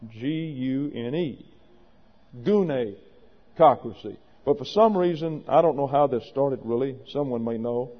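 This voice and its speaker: A man preaching a sermon to a congregation, emphatic and wry, with sarcastic asides. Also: medium pitch. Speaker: pastor. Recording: dull audio with long reverb.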